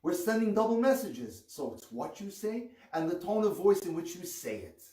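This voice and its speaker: A male rabbi giving an earnest, measured teaching on marriage, with pointed emphasis on key words. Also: fairly high pitch, darkish tone. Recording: echoey room, distant mic.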